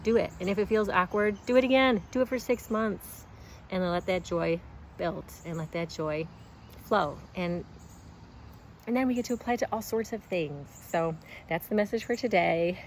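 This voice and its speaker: A woman's voice: mid-range voice, normal speed, a little hiss or hum. A woman in her forties, a health coach, talking candidly to camera in a casual vlog, earnest and with bursts of enthusiasm. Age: 40s.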